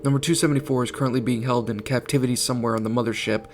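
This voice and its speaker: A grave, steady British teenage leader, as a male narrator puts him on, near the narrator's own pitch. He speaks with calm seriousness in a storybook reading. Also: very fast, soft background music, lightly acted. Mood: serious.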